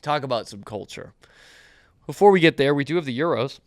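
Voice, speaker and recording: A man hosts a casual sports talk show, and his pitch swings up and down with a lot of life. His voice is smooth and clear, recorded dry and close. He often teases his cohost with sarcasm. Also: lively intonation, fairly quick, dry recording. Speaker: podcast host.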